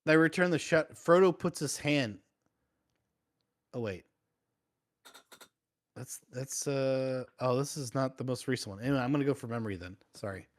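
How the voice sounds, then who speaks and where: A man's voice: medium pitch, moderate pace, long pauses. A man in casual chat, telling a loose, rambling stand-up story as a guest. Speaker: comedian guest.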